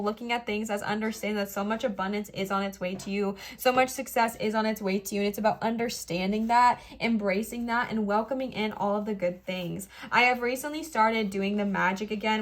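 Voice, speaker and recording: A woman giving a pick-a-card tarot reading to camera. She heaps earnest, emotional encouragement on the viewer and says more than once that she is close to tears. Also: medium pitch. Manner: warm, effusive encouragement addressed straight to the viewer. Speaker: tarot reader.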